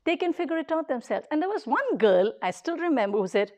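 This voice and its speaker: A woman's voice: high-pitched, very animated, quick pace, a little mellow. A woman who leads a daycare, giving an earnest public talk in short, emphatic, repeated phrases. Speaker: daycare leader.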